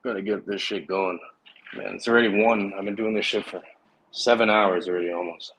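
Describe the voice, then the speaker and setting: Laid-back profane man, low voice. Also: steady tone, fairly quick, a bit bright, a little hiss or hum, low-quality recording. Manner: loose, profane, laughs a lot. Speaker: show host. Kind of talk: casual online video call chat.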